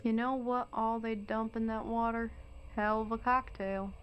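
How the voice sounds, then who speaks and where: A woman's voice: on the high side, steady tone, normal speed, natural voice, low-quality recording. A woman reading aloud a grumbling old male river drifter from a game, in blunt country talk.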